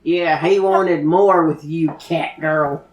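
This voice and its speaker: A game player voicing a protective, blunt mother dragon, speaking slowly and low in a dry tone. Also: steady tone, a little mellow, echoey room, natural voice. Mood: scolding.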